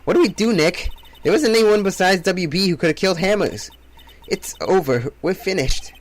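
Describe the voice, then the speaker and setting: A man voicing an excitable young female sidekick, high and indignant. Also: normal speed. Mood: worried.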